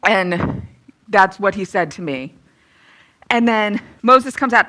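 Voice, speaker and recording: A woman in her thirties sharing a candid personal testimony and teaching from the Bible, lively and self-deprecating. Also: mid-range voice, slow. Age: 30s. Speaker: speaker giving a testimony.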